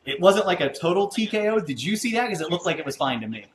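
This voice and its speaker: A man's voice: high voice, sing-song, fast. A man hosting a casual chat show, upbeat and joking as he talks with his co-host. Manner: upbeat, joking, mock anchor voice. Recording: echoey room with faint noise.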